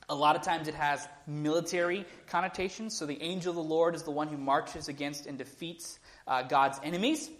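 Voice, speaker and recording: A man's voice: fairly high pitch, fairly bright tone. A young man preaching a casual sermon, talking informally with frequent "right?" tags and restarts.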